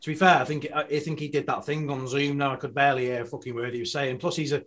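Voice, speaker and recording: A man's voice: medium pitch, level tone, fast talker, fairly bright tone. Swearing chatty podcast host man. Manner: swearing, calls people mate. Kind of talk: casual interview chat.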